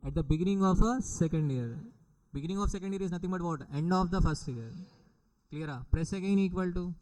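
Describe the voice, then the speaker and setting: A man's voice: high voice, fairly quick, darkish tone, poor audio. A middle-aged man with an Indian English accent, teaching a recorded exam-prep lecture, repeating points and often checking with the students. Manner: repetitive, questioning the students often.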